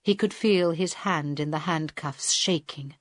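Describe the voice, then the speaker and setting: A woman reading a story aloud as an audiobook narrator, in a deliberate, even storytelling manner. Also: low-pitched, no echo, clean studio sound. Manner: slow, deliberate reading with quiet voiced dialogue. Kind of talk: scripted narration.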